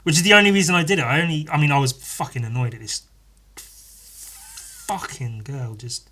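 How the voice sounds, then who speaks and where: A young man hosts a podcast in an unscripted storytelling monologue. His voice sits at a middle pitch with a bright, forward edge. He talks in a sardonic way, swears freely and often laughs. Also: steady tone, fairly quick, slightly rough. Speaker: podcast host.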